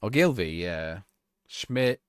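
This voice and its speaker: Casual male streamer, rambles chatting with viewers, lower voice that swings up and down, close dry mic. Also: big pitch swings, slow pace, clean tone, no echo. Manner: casual, rambling, answering chat questions. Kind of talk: live-stream gameplay chat.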